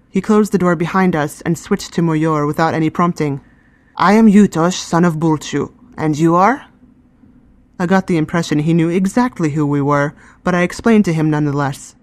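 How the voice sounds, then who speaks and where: A woman giving calm, scripted first-person narration of a fantasy story. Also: sits low, fairly quick, no room sound.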